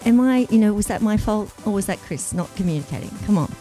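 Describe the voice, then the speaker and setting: A woman's voice: mid-range voice, expressive, quick pace, warm tone, faint music behind. A woman co-hosting live morning radio, playful and protesting with mock drama. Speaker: radio co-host.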